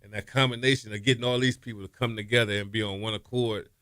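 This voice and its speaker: Speaking at a quick clip, a middle-aged man, once a college quarterback, is the guest in a casual interview, telling stories and acting out what people said. He animates the quotes with a raised pitch and laughs often. The recording is clean studio sound with no echo.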